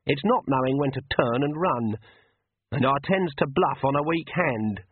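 A man's voice: medium pitch, lively intonation, normal speed, husky, no room sound, narrow, tinny audio. A man voicing a blunt, unflappable old witch woman with a dry manner.

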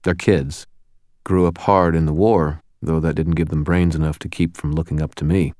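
A man voicing a dry-humored wizard detective in an audiobook, talking with sardonic, deadpan asides. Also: extremely low pitch, normal speed, dry recording. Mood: wry.

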